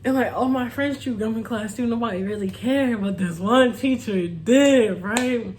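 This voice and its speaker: A woman's voice: fairly high pitch, normal speed, a little mellow, slight background noise. A young woman chatting casually to her viewers, laughing often and calling them y'all. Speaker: vlogger. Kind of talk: casual storytime chat.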